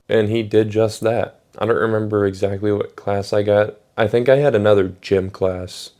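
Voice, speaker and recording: Young dude rambling thru a storytime, swears a lot, says like and you know constantly, lowish voice. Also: male voice, steady tone, normal speed, hardly any pauses, mellow. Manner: rambling, profane, lots of fillers. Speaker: storytime vlogger. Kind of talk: casual storytelling.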